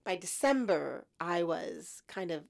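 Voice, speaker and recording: A woman in her fifties, a podcast guest, telling her story in an animated, self-mocking way. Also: on the low side, takes it slowly, creaky.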